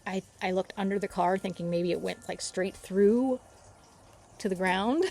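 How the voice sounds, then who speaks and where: A woman's voice: medium pitch, unhurried, vocal fry, darkish tone. A woman telling a long rambling story to the camera in a casual vlog, easily distracted by the birds around her. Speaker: vlogger. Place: outdoors near birds.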